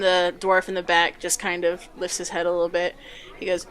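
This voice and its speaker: A woman's voice: fairly low pitch, monotone, moderate pace, fairly bright tone, smooth. A woman game master casually narrating a tabletop fantasy game, with fillers and light laughs.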